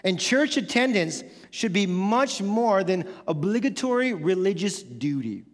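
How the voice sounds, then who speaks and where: Male pastor, high-pitched and animated, preaching in a big echoing church sanctuary. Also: unhurried. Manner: animated, builds to excited shouting; acts out quoted congregants in casual voices. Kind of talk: sermon.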